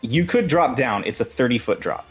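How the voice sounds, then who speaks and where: A man's voice: mid-range voice, lively intonation, moderate pace, husky, soft background music. A young man narrating as game master in a casual, swearing, filler-laden way.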